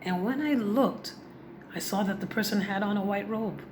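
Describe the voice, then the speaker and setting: A woman's voice: mid-range voice, normal speed. A woman vlogger telling a personal story in a heartfelt, confiding way, speaking directly to her viewers. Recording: noisy background.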